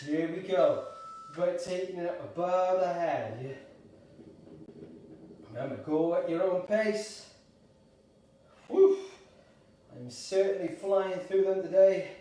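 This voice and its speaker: A man leading a live gentle exercise class, upbeat and encouraging, calling out participants by name and a little out of breath. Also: sits high, distant mic. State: slightly out of breath. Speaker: exercise instructor. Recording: echoey room, voice away from the mic.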